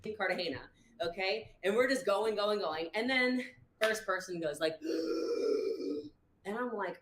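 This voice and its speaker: A woman's voice: medium pitch, measured pace, a little hiss or hum. A woman on a livestream telling a long story, rambling and acting out what people said. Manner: rambling, acts out quotes. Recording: echoey room.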